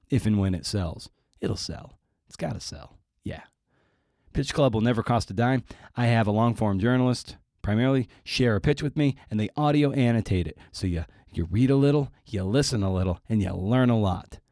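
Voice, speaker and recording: A man's voice: lowish voice, darkish tone, no room sound, studio quality. A male podcast host introducing his guest in a casual, irreverent way, with profane, wry asides.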